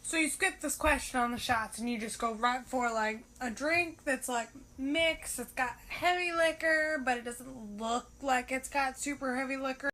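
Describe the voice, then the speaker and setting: A woman's voice: high-pitched, normal speed, hardly any pauses, pushed and bright. A young woman telling a casual comic monologue, swearing freely and acting out her own thoughts. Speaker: comedian.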